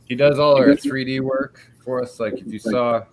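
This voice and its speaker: A man with a Canadian accent hosting a live stream, talking in a relaxed, rambling way. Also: medium pitch, normal speed, rough recording. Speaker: stream host. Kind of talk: casual live-stream chat.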